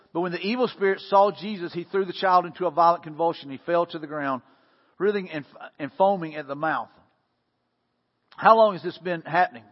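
A man's voice: high voice, husky. A male pastor preaching a conversational sermon, often repeating words and building force when he acts out prayers. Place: church sanctuary. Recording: dull lo-fi sound with long hall reverb.

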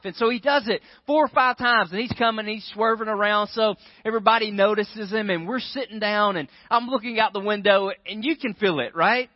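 High-voiced man telling a story. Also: a little fast, hardly any pauses, no room sound. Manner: animated storyteller, keeps asking the crowd "right?". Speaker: pastor. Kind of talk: storytelling sermon. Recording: dry, dull lo-fi sound.

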